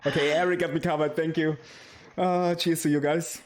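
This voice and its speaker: A man's voice: fairly high pitch, little pitch movement, moderate pace, a little hiss or hum. Rowdy joking male livestream host. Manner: loud, joking, swearing, hyped. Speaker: talk show host. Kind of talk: casual livestream chat.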